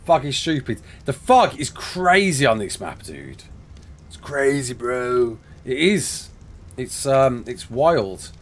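A man's voice: medium pitch, very animated, takes it slowly. A young man with an English West Midlands accent, chatting casually on a live game stream. He laughs often and answers chat questions.

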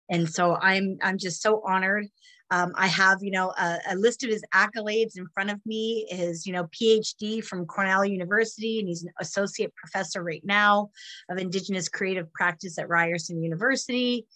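A woman hosting a community program on a video call, giving an emotional, halting introduction with many restarts while tearful. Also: medium pitch, fairly even intonation, sharp tone. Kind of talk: heartfelt spoken introduction.

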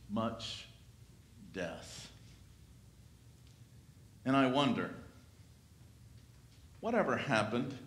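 A pastor preaching a sermon in a church, with a slow, dramatic delivery that swells and then drops to a hush. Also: male voice, on the high side. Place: church sanctuary. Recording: echoey church room.

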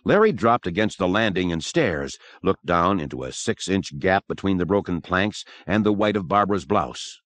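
A man narrating a horror audiobook in an expressive, dramatic manner. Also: low voice, moderate pace, hardly any pauses, no echo. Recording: dry close recording.

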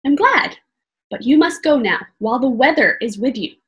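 A woman reading a storybook aloud voices a calm, kindly monk who speaks in a solemn, measured, old-fashioned way. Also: high voice, lo-fi sound.

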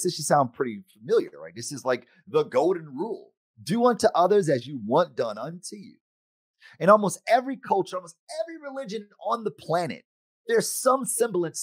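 A middle-aged man giving a conference keynote, animated and acting out the voices of friends and himself. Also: on the high side, brisk, husky, dry recording, studio quality. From United States. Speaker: conference speaker. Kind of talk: keynote talk.

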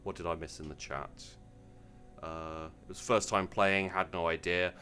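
A man's voice: sits low, steady tone, moderate pace, pushed and bright, smooth, faint music behind. A man hosting a live stream, reading out viewers' tabletop game stories in an amused, conversational way with frequent ums and restarts.

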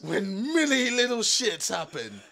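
A man's voice: sits high, wildly swooping pitch, measured pace, vocal fry, pushed and bright. A man playing a horror game, screaming and swearing in panic as he plays. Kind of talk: frantic gaming commentary.

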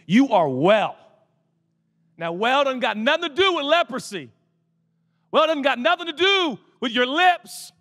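Pastor, male, high-pitched, dynamic sermon delivery from near whisper to shout, long hall reverb. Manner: swings from soft and low to loud shouting.

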